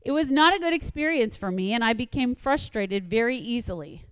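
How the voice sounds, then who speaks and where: Lady preaching with a story, smooth clear voice, dry close mic but a long hall tail. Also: a little high, brisk. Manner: animated retelling with quoted asides, emphatic repetition. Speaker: speaker telling a personal story in a devotional talk. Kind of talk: storytelling sermon.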